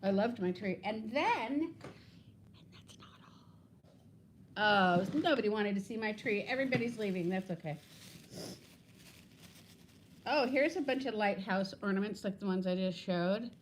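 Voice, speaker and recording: A woman's voice: medium pitch, animated, normal speed. A woman in her fifties chats on a casual livestream from home, rambling from one thing to the next and laughing often. She greets viewers by name. Her phone picks her up, with a faint hiss behind her voice. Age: 50s. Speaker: livestream host.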